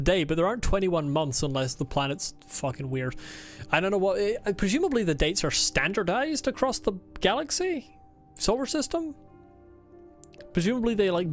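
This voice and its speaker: A woman playing a game and talking as she goes, swearing, joking sarcastically and laughing. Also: fairly low pitch. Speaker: gaming channel host. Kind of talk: casual game commentary.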